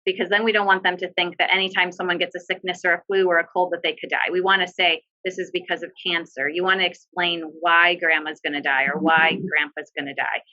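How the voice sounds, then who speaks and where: A woman giving earnest, plainspoken advice in a webinar, her voice a touch low and notably bright and forceful. She leans on fillers as she goes. The sound is dull and lo-fi, as over a video call. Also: little pitch movement, fast, hardly any pauses. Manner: earnest, direct, with frequent fillers. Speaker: bereavement social worker.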